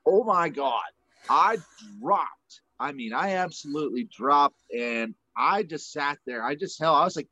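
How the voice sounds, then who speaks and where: A retired male fighter, a podcast guest, telling a story in a rambling, animated way with lots of fillers. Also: fairly high pitch, a little slow, no room sound. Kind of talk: casual storytelling. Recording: muffled dry podcast audio.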